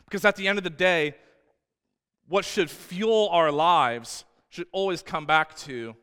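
Bright-voiced man preaching a sermon. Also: high voice, clean tone. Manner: storytelling, animated with many restarts. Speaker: pastor. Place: church sanctuary. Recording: church hall with long reverb.

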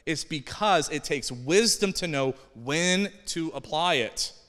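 Pastor guy preaching, jokey and chatty, bright voice, big echoey church. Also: on the high side, slow pace. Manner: conversational, joking, animated. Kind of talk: sermon. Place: large church hall. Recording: long hall reverb.

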